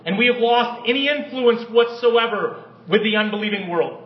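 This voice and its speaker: High-voiced preacher in an echoey hall. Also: male voice, normal speed. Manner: impassioned preaching, swinging from loud declarations to hushed prayer. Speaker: pastor. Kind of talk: sermon. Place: church sanctuary. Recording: echoey distant room, dull lo-fi sound.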